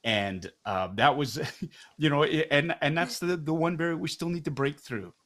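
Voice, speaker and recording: A man's voice: fairly high pitch, normal speed, fairly bright tone. Emphatic middle-aged man. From Canada. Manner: emphatic, rhetorical questions, frequent "right?". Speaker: interview guest, actor. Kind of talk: candid conversational interview.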